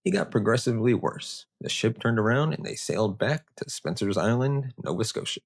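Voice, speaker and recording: A man's voice: on the low side, animated, brisk. A man hosting a history show, narrating with joking, conversational asides. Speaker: host.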